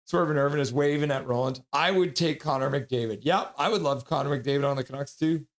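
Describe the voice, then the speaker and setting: A young man hosting a live stream, casually chatting and reading viewer comments aloud with quick asides. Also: mid-range voice. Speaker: livestream host reading chat. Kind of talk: casual live reaction chat.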